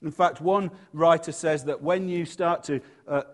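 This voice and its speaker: A male church leader preaching in a lively, conversational way, with humorous asides and quieter moments on softer points. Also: fairly high pitch, a little slow. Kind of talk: sermon.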